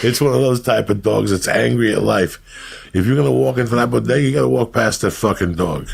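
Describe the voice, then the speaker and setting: Gravelly New storyteller, profane. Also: male voice, mid-range voice, a little fast, no room sound, clean studio sound. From New Jersey. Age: older. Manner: profane, animated street storytelling. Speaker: host. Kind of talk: casual storytelling monologue.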